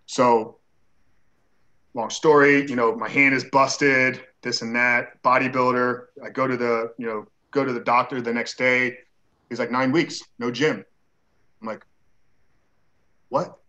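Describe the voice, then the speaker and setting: A man's voice: mid-range voice, flat delivery, unhurried, long pauses, sharp tone, low-quality recording. A man who is a guest on an interview show, telling a personal story in a casual way. He acts out the dialogue he quotes and uses many "like" fillers.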